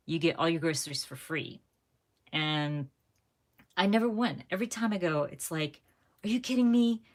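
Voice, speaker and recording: A chatty woman hosts a live craft stream from home, talking to viewers as she works. Her voice sits low, but it jumps up when she gets excited, and she laughs often. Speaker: craft channel host. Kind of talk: casual live-stream chat while crafting.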